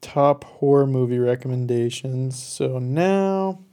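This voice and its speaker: A man's voice: medium pitch, slow pace. A man co-hosting a podcast, chatting casually and enthusiastically about movies. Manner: relaxed, enthusiastic, fillers and restarts. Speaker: podcast co-host.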